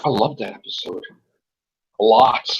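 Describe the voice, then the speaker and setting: A young man hosting a casual fan chat, animated and exclaiming, acting out his own reactions. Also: mid-range voice, measured pace, creaky, muffled recording. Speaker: podcast host.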